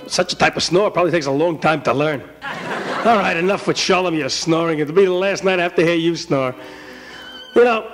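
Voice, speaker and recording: A man voicing a chatty, excitable tailor talking to himself at night. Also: sits high.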